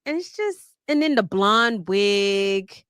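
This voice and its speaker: A woman commentator in a casual panel chat, animated and laughing, with many restarts. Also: medium pitch, slow pace, clean tone, no echo, studio quality.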